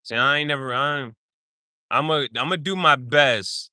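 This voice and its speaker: A man's voice: medium pitch, moderate pace, pushed and bright, no echo, clean studio sound. A man hosting a podcast in casual chat, playful and laughing often as he jokingly sounds out foreign words. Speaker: podcast host.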